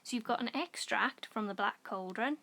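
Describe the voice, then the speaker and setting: A woman primary school teacher giving a recorded home-learning lesson, explaining patiently and clearly to children. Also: fairly high pitch, moderate pace, bright, forceful tone.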